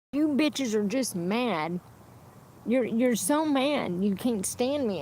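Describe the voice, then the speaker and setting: A woman's voice: fairly high pitch, expressive, a little slow, a little mellow, slight background noise. A woman streaming a rambling, unscripted monologue, blunt and profane, often restarting her sentences. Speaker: livestreamer.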